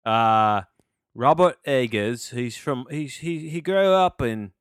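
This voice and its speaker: A man's voice: mid-range voice, lively intonation, takes it slowly, fairly bright tone, smooth, dry recording, clean studio sound. A man doing a put-on English accent as he opens a casual movie review podcast, drawing out his words theatrically. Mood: hammy.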